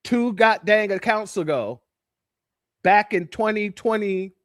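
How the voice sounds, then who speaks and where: High-voiced laughing man, dry close mic. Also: unhurried, dry recording. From California. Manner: laughs often, drawls and repeats himself. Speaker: commentary channel host. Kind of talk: casual commentary.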